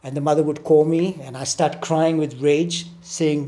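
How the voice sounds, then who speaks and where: A man's voice: a little high, moderate pace, few pauses. An older man, telling childhood stories in an interview and acting out the voices in them. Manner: animated storyteller who acts out quotes with laughs. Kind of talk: storytelling interview.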